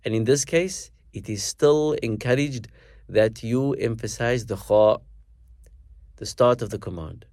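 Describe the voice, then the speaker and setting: A man teaching a recitation lesson, explaining stress in measured, deliberate phrases and slowing down to demonstrate words. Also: mid-range voice, a little mellow, no room sound, clean studio sound. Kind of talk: instructional lesson with recited verses.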